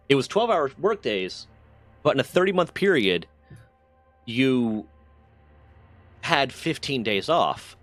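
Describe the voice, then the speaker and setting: A man's voice: mid-range voice, a bit bright, no room sound. A man streaming a game while telling a rambling, profane story in a casual way. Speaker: gaming streamer.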